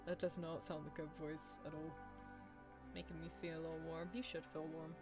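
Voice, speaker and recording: A woman's voice: sits low, little pitch movement, moderate pace, over music. A British woman streaming a story game, chatting and laughing with her chat and reading the text aloud. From Britain. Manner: chatty, giggly, talks to chat.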